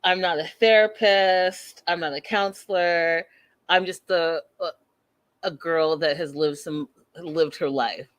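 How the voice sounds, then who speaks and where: A woman in her thirties with a lowish voice takes her time as she recaps a reality show on her podcast. Casual and animated, she gives blunt opinions and speaks right to listeners, whom she calls y'all.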